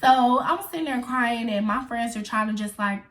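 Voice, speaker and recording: A young woman chats straight to her viewers in a casual storytime, swearing freely and calling them y'all. Her voice sits a little high and she tells the tale with lively, animated energy. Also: moderate pace. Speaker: vlogger.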